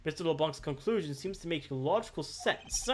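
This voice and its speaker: A woman voicing a calm, self-assured male prosecutor, reading game dialogue aloud in a measured, formal way. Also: low voice, slight background noise. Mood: composed.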